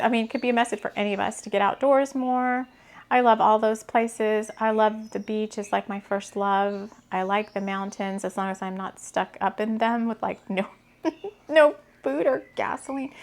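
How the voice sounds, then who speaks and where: A woman's voice: fairly high pitch, gravelly. A woman hosting a spiritual podcast, chatting casually to camera in a rambling, giggly, gushing way.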